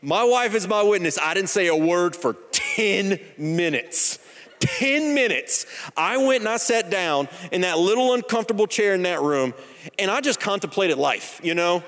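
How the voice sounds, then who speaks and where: Pastor in his thirties, high voice, casual storytelling sermon in a big echoing sanctuary. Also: lively intonation, moderate pace, a bit bright. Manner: conversational, joking, storytelling. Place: church sanctuary. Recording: long hall reverb.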